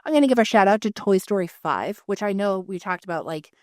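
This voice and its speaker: Woman podcast co-host, mid-pitched, dry close mic, animated storyteller who swears freely. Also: fast talker, dry recording. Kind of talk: casual chat.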